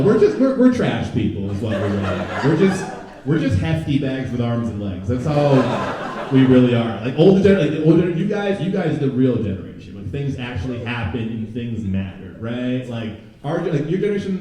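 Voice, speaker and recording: Young man, stand-up comedy, crowd work, animated, heavy room echo. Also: mid-range voice. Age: young adult. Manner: animated, crowd work, jumps into loud mocking voices. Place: comedy club stage before a live audience. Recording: very echoey room, from a distance.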